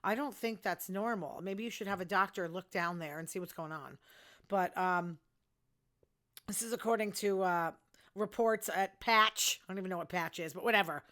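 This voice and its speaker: An older woman hosting her own show, chatting bluntly about the news and her personal life and quickly getting outraged. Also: medium pitch, a bit bright. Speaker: show host. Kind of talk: casual news commentary.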